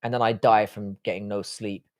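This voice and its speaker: A man's voice: on the low side, flat delivery, normal speed. A man hosting a casual live stream, reading out viewer chat and answering it with loose, profane talk. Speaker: livestream host.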